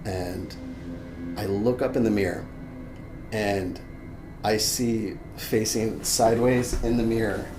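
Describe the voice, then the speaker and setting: A young adult man, a podcast guest, telling a story in casual chat, animated and swearing freely, acting out his own shouts. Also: on the low side, slow pace, long pauses, music in the background. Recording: echoey room, faint background noise.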